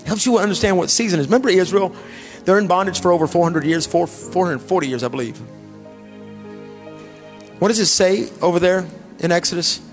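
A male pastor, preaching a sermon in a casual storytelling way that drops to hushed, sighing asides. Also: sits high, fairly quick, long pauses, soft background music.

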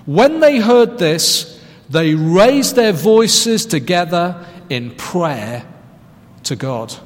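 High-voiced preacher in a hall. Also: male voice, big pitch swings, very slow. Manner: conversational storytelling with self-deprecating humour. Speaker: pastor. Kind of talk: sermon.

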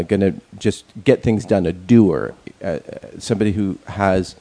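A man's voice: on the low side, mellow. A man in a casual chat, rambling with many fillers and restarts and speaking bluntly, with some profanity.

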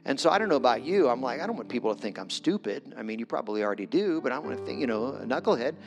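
A man's voice: mid-range voice, expressive, racing, creaky. A middle-aged man giving a conversational storytelling sermon as a guest preacher, self-deprecating and acting out his own quotes. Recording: long hall reverb with music.

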